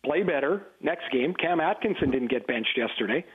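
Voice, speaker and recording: A man, a hockey analyst calling in to a radio show, chatting casually and telling stories with lively quoted voices. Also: fairly high pitch, moderate pace. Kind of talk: casual sports radio chat. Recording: tinny phone line.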